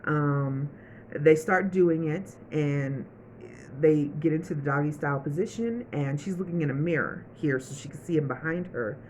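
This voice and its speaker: A woman's voice: low-pitched, moderate pace, a little mellow, a little hiss or hum, rough recording. A woman giving a casual, chatty recap of a TV episode, acting out the characters' lines as she goes. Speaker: TV show reviewer.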